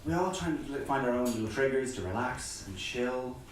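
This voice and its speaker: A man's voice: medium pitch, animated, fairly quick, slight background noise. A young man in his twenties doing a self-deprecating stand-up set, laughing through his jokes, from far off in an echoey room. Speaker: student stand-up comedian.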